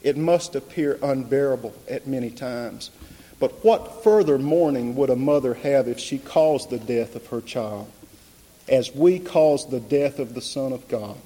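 Namiętny kaznodzieja, powolny, w pogłosie sali. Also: male voice, medium pitch, a little slow. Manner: impassioned, rising to loud emphatic peaks. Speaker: preacher. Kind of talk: sermon. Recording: long reverb of a large hall.

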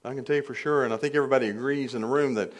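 A man's voice: medium pitch, steady tone, racing. An older man preaching a sermon in a church, plainly conversational with light humor, rising to emphatic peaks on key points. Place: church sanctuary.

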